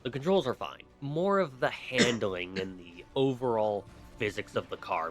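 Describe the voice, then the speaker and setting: A man's voice: lowish voice, sing-song, measured pace, hardly any pauses, soft background music. A man rambling through gripes in a game review, exasperated and complaining. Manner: exasperated, griping. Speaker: gaming video commentator.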